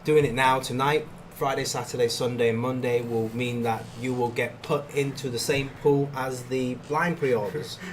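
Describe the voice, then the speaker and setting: A man's voice: medium pitch, normal speed, few pauses, a little hiss or hum. A man hosting a live stream, giving viewers casual updates and talking with his co-host. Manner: relaxed, addresses viewers directly with updates. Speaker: livestream host.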